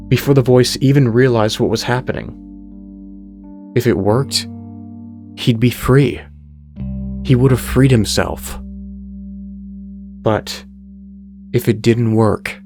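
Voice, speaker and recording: A man reading a horror story aloud as the channel's narrator, in a slow, deliberate delivery. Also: medium pitch, a little mellow. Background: faint music.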